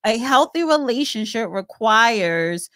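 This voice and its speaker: A woman co-hosting a casual podcast chat, sassy and animated, calling people honey. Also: a little high, slow pace. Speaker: podcast co-host.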